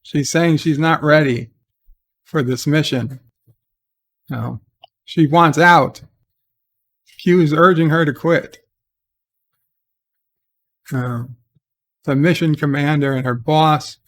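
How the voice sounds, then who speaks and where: A man with a slightly high voice talks slowly through a TV episode he is reviewing. He rambles and hesitates, filling gaps with "uh" and "he's like". His asides turn sarcastic and exasperated. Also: sharp tone. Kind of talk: casual spoken episode recap.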